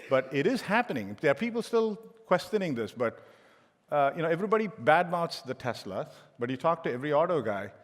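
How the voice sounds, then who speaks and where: A man's voice: on the high side, big pitch swings, a little fast. A middle-aged man giving a conference keynote as a tech executive, telling joking anecdotes with frequent restarts. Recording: long hall reverb.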